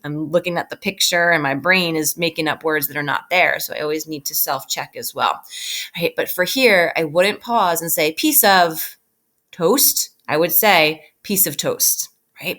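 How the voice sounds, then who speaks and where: Brief: woman teacher, slightly low voice, patient and deliberate, recorded lesson for kids, keeps tagging "right?". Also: pushed and bright. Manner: patient, with frequent tag "right?"; slows down to stress key phrases. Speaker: elementary school teacher. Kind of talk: recorded reading lesson for children.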